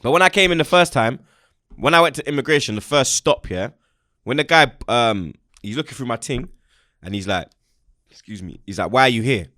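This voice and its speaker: Lively man telling a story. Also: medium pitch, brisk, dry recording, clean studio sound. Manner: animated storytelling, acting out other people's reactions. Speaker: host. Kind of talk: casual chat.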